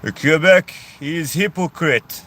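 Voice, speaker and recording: A man's voice: mid-range voice, slow pace, slight background noise. A man voicing a blunt adult French man with clipped, broken phrasing. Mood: dismissive.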